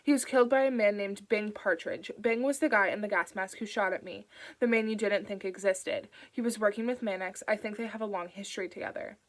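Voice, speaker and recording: A hard-edged woman on the run, talking fast and forcefully, as a woman narrator reads her lines. Her words come clipped and urgent. It is an audiobook performance. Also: medium pitch, natural voice.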